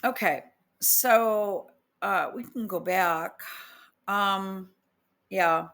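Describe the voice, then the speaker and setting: A woman with a mid-range, slightly bright voice speaks extremely slowly as she reads posts aloud and tears apart their grammar. Her casual commentary is an exasperated, incredulous rant.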